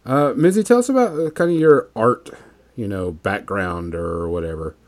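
A man's voice: lowish voice, moderate pace. A man co-hosting a casual podcast stream, talking loosely with many fillers while he paints miniatures. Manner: relaxed, rambling, many fillers. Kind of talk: casual livestream chat.

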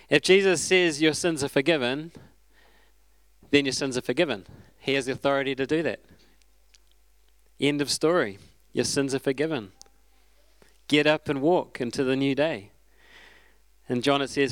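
A man preaching a sermon in a relaxed, conversational, storytelling way. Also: mid-range voice, clear, resonant tone, no room sound.

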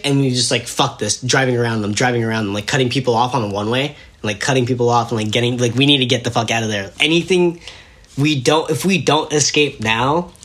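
A young man with a medium-pitched voice casually tells a story as a podcast guest. He's animated and laughs as he acts out what people said.

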